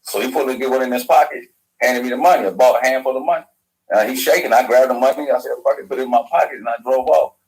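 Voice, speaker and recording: A man's voice: medium pitch, fast, a little mellow, poor audio. A man, a talk show guest telling a long story in loose, slangy, profane talk. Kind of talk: rambling storytelling.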